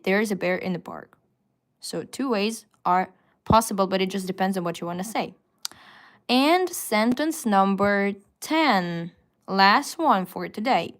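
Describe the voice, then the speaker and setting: Slow-paced woman teaching on a live stream. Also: medium pitch, animated. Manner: slow, patient explaining with frequent fillers. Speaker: Russian language teacher. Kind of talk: live-stream language lesson. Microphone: phone.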